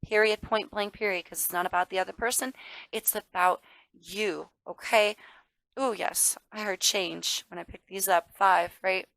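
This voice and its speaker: A woman's voice: mid-range voice, steady tone, normal speed, fairly bright tone, no room sound, low-quality recording. A woman giving a casual tarot reading to viewers. She talks emphatically, calls the listener darling and baby, swears now and then, and gets worked up. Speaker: tarot reader.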